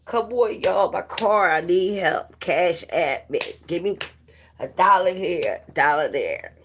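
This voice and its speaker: Woman chatting on her live, slow and easygoing, playful with the chat. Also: lowish voice, animated, slight background noise. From New Jersey. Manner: chatty, playful, greeting viewers by name. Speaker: livestreamer. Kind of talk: casual live-stream chat.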